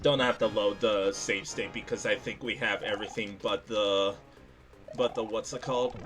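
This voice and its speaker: A young man commenting live on a game he is playing for his chat, excitable and quick to laugh and yelp. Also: fairly low pitch, faint music behind. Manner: excitable, laughs and yelps often. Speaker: gaming streamer.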